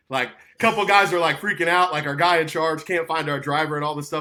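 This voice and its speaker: Animated man telling a story. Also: a little high, quick pace. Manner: animated storyteller, acting out quotes, frequent "right?" and "like". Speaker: guest. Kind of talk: storytelling in a podcast interview.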